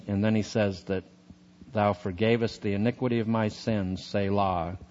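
Low-voiced man preaching a sermon. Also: highs cut off. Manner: conversational, retells scripture with fillers. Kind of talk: sermon, Bible teaching.

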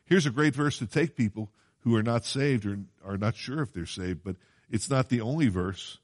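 A man's voice: medium pitch, moderate pace. A man preaching a Bible sermon in a conversational way, often asking his listeners questions and quoting scripture in old-fashioned wording. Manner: conversational, asks the congregation questions.

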